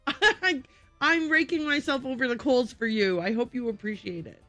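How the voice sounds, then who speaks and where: A woman's voice: sits high, takes it slowly, long pauses, bright, forceful tone, no room sound, soft background music. A woman game streamer chatting live to her viewers, giggly and self-deprecating. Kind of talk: live gaming commentary.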